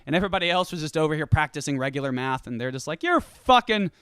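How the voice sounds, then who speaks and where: A show host delivering a rambling, profane, animated stoned comedy rant. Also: medium pitch, rapid-fire, clear, resonant tone, no echo, clean studio sound. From California.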